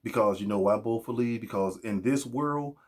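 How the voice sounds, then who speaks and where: Man, podcast host, husky, emphatic monologue. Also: lowish voice, normal speed. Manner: preachy and emphatic, acts out quoted voices. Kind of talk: casual opinion monologue.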